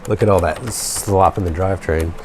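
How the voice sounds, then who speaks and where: Joking low-voiced man at a workbench. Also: fairly even intonation, normal speed, slight background noise. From Georgia, US. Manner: joking, self-deprecating, talks while tinkering. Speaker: RC hobby channel host. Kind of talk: casual workshop chat.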